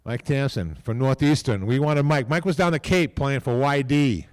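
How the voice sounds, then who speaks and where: A man's voice: medium pitch, normal speed, darkish tone. An older man giving a rambling, folksy ceremony speech, often tagging lines with "okay?". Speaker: team owner speaking at a hall of fame ceremony. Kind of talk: casual off-the-cuff speech.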